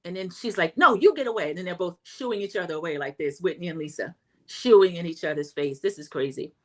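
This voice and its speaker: A middle-aged woman, chatting through a casual TV recap and acting out quotes in a high voice. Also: a little fast, darkish tone. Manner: chatty, acts out quotes in a high voice, says "y'all". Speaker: recap host.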